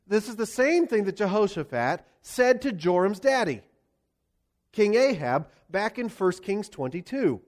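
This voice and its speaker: Lively high-voiced male preacher. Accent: Pennsylvania. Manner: expressive storytelling preacher, rhetorical questions. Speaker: pastor. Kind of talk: sermon.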